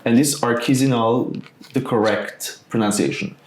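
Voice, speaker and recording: A man hosting an interview, upbeat and loose, quick to affirm his guest before asking the next question. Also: medium pitch, fairly even intonation. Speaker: podcast host. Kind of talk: casual interview. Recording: echoey room with faint noise.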